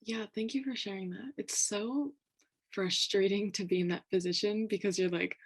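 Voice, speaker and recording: A woman's voice: medium pitch, fairly even intonation, normal speed, slight background noise. A young woman hosting a live student panel, thanking the guests and moving on to the next question in a friendly way. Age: young adult. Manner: friendly, moves questions along. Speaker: host.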